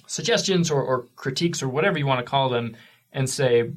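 A man interviewing a guest, asking long, measured questions. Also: medium pitch. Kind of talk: conversational interview.

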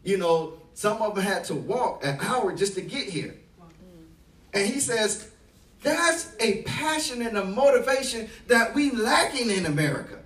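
A man preaching a sermon as pastor, telling a story and building to loud, emphatic delivery. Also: high voice, lively intonation, a little slow, echoey room, recorded from a distance.

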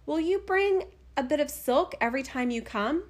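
A woman voicing a gentle young maiden speaking softly in a storybook reading. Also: sits high, animated, moderate pace, pitched above the performer's own voice. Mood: earnest.

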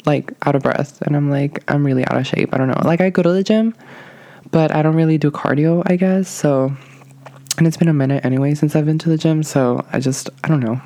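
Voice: medium pitch, brisk, dark tone, no echo. A young adult podcast host talking casually on their own, nervous and out of breath, rambling with lots of fillers and hedges. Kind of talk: casual solo podcast monologue.

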